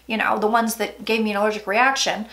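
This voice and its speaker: A woman's voice: medium pitch, little pitch movement, fast talker, fairly bright tone. A woman psychic giving a casual tarot reading vlog, chatty and emphatic, often dropping into murmured asides.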